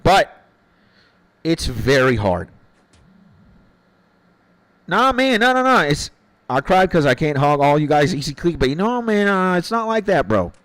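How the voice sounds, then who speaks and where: Speaking at a moderate pace in a fairly high, sing-song voice, a man chats loosely with viewers during a gaming stream. He rambles in slang, calling chat "bro" and "my G"; the recording is low quality, with no echo.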